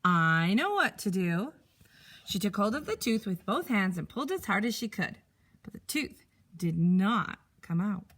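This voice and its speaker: A teacher reading a picture book aloud to young pupils, expressive and animated. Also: female voice, mid-range voice, normal speed, husky.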